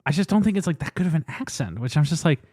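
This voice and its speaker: A man's voice: a little high, expressive, quick pace, darkish tone. A man co-hosting a casual movie podcast, chatting and giving his opinions and laughing often. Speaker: podcast co-host. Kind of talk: casual movie-recap chat.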